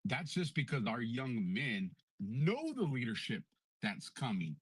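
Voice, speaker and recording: Blunt, husky-voiced man talking politics. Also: mid-range voice, very animated, measured pace, no room sound. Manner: blunt and emphatic, profane. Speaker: guest speaker on a live audio space. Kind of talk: casual political talk. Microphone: home mic in a live audio stream.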